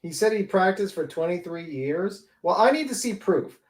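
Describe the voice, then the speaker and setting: A man's voice: sits high, animated, normal speed. A man hosting a livestream panel, ranting sarcastically with a lot of profanity. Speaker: panel host. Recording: roomy echo.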